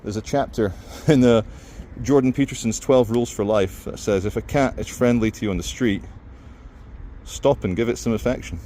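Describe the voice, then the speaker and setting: A man's voice: mid-range voice, normal speed, mellow, a little hiss or hum. A man, narrating a walking street vlog in a wry, sardonic tone. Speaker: street vlogger. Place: outdoors on city streets.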